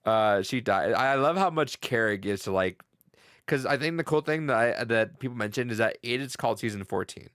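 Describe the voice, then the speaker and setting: A man's voice: medium pitch, a bit bright, no room sound, studio quality. A young man co-hosting a casual talk show, rambling, laughing often and swearing as he retells scenes. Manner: loose, laughing, swearing, quick impressions. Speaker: podcast co-host. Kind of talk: casual chat.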